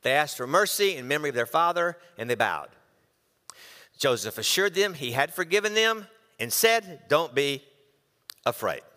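Bright-voiced man preaching a sermon, hall echo. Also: a little high, normal speed. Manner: animated, reads scripture and acts out quotes. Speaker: pastor. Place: church.

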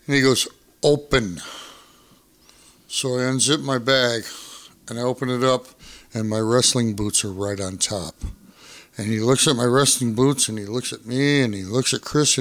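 A man telling a wild travel story as a podcast guest, profane and animated, acting out what people said. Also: medium pitch, normal speed. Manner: profane, animated, acts out quotes. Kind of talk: casual storytelling.

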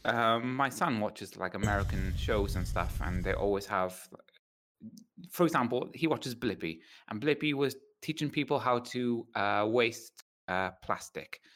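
A man's voice: on the low side, animated, unhurried, fairly bright tone, faint music behind. A British man and father, a podcast guest, telling anecdotes and arguing about word choices with mild indignation. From United Kingdom. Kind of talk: casual chat.

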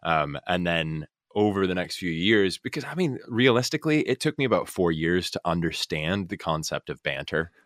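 Deep-voiced American man with Scottish touches. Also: normal speed, hardly any pauses, no echo, clean studio sound. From USA. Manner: animated storyteller, lots of fillers. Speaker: guest actor. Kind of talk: casual podcast chat. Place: living in Scotland.

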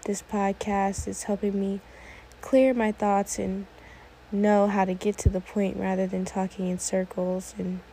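A woman's voice: medium pitch, level tone, a little slow, dark tone, slight background noise, rough recording. An eighteen-year-old woman hosting her own podcast, talking alone in a rambling, easily sidetracked way, full of "like"s. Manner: rambling, often sidetracked, many "like"s. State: a little emotional, teary. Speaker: podcast host. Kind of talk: casual solo podcast monologue.

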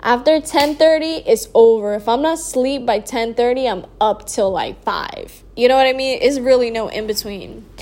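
Yawning and drowsy, a young vlogger casually shares something from her own life in a fairly high voice. Her speech is slow and stretched out, peppered with "like" and quiet asides that trail off.

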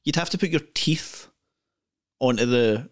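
A man with a mid-range voice co-hosts a film podcast, speaking at a measured pace. It's casual film chat, and he thinks out loud in rambling sentences that he keeps restarting.

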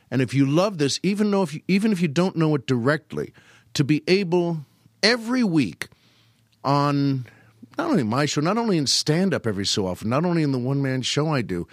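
A man's voice: no room sound, studio quality. An older man hosting a podcast, telling casual stories about old comedy and often slipping into put-on voices. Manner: animated, slips into high put-on voices quoting old comedians. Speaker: podcast host. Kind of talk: casual storytelling monologue.

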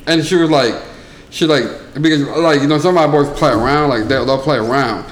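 A young man on a casual podcast, telling a story in an animated way with lots of crude slang. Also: a little high, brisk. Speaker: podcast co-host. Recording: echoey room with faint noise.

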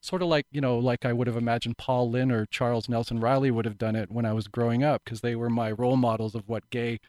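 A man's voice: medium pitch, flat delivery, fast, a little mellow, no echo. A middle-aged man who is an actor, telling his life story candidly in an interview, reflective and earnest with frequent restarts.

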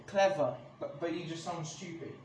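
High-voiced man ranting angrily on a podcast. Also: moderate pace. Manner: angry, swears a lot, many restarts. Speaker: podcast host. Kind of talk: casual ranting monologue. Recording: echoey room with clear background noise.

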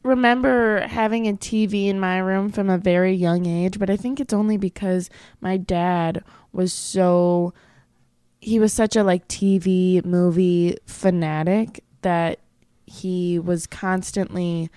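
A woman chatting casually on a podcast in an expressive, giggly way. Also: fairly low pitch, slow, clear, resonant tone, dry recording, clean studio sound. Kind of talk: casual chat.

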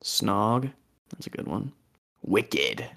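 A man's voice: mid-range voice, moderate pace. A young man co-hosting a podcast, chatting casually in a rambling, jokey way and often trailing off and restarting. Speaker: podcast co-host. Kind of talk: casual chat.

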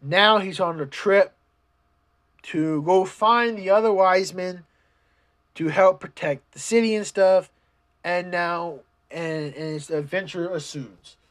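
A casual vlogger rambling through anime recaps, swearing freely, restarting sentences and getting animated when retelling scenes. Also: medium pitch, slow pace. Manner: profane, rambling, many restarts.

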